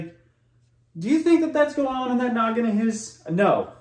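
A man's voice: extremely high pitch, sing-song, normal speed, a little mellow. Profane ranting man, echoey room. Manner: profane, heated, lots of likes and restarts. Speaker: reaction commentator. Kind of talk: ranting reaction commentary.

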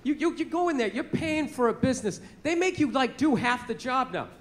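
A man's voice: very high-pitched, animated, fairly quick. A man doing a profane, sarcastic stand-up rant on stage before a live audience. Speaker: stand-up comedian. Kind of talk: stand-up routine. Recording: live set with loud crowd and noise.

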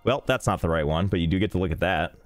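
This streamer has a low voice and talks fast, with no echo on the recording. Chatting casually through technical hiccups and making fun of himself, he plays a game while faint music from it runs behind him.

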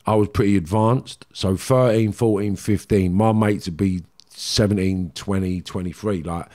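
Middle-aged London Cockney man, very low voice, candid podcast guest, rambling storyteller. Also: moderate pace, darkish tone. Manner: streetwise, rambling, frequent "do you know what I mean".

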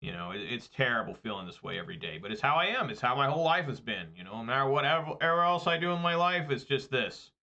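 Fast and with hardly any pauses, a streamer who is a husband and father rants to his viewers, swearing freely and knocking himself in exasperation. His mid-range voice is sing-song with a sharp tone, and the sound is lo-fi.

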